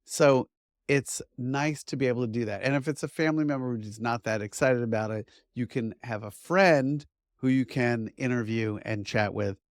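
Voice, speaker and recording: A middle-aged man teaches in a friendly, upbeat, conversational way, like a coach talking straight to camera. His voice sits at an ordinary middle pitch. The sound is dry and close, with no room echo. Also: moderate pace. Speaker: media trainer and course instructor. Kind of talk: instructional talk to camera.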